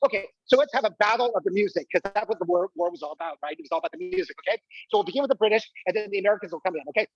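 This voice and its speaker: An exuberant man performs a comic monologue on a small stage. He coaxes the crowd to join in and squeals with delight. His voice is husky and dry, and the live recording sounds dull and muffled. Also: high voice, expressive, rapid-fire, few pauses, no echo. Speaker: solo performer.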